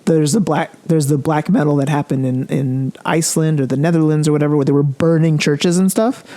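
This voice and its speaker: A man in a casual podcast conversation, talking in a chatty, animated way as he explains things. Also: fairly high pitch, brisk. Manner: chatty, animated explainer who demos metal vocals.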